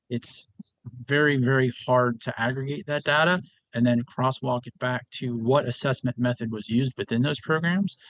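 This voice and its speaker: Measured male panelist, dry sound. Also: mid-range voice, no echo. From United States. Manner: measured, explanatory. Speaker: panelist presenting research. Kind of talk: panel answer.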